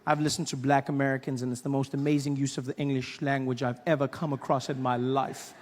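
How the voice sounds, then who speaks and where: A South African man doing a stand-up comedy routine, telling stories with lively impressions. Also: mid-range voice, fast talker, long reverb tail. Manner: animated storytelling with impressions.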